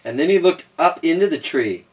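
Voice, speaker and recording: A man's voice: on the high side, expressive, fairly quick. A man reading a children's picture book aloud, with playful, chatty asides to young listeners. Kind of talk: read-aloud storytime with joking asides. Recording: voice a bit distant from the mic.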